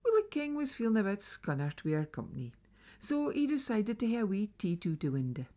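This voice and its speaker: A woman's voice: mid-range voice, brisk. A woman with a Northeast Scots accent telling a traditional folk tale, dramatic and dropping to whispers. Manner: lively, dramatic, drops to whispers. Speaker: storyteller.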